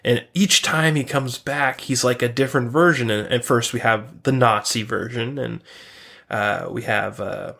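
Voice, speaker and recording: A man's voice: mid-range voice, unhurried, creaky, bright, forceful tone. A man co-hosting a podcast, retelling a cartoon episode in casual chat, rambling with many fillers and swearing freely. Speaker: podcast co-host.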